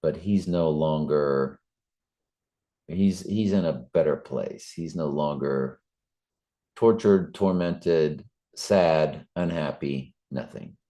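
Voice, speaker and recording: Very deep, gravelly man. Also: takes it slowly, mellow. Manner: earnest, preachy, with fillers and restarts. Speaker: Bible study channel host. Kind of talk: casual spoken reflection.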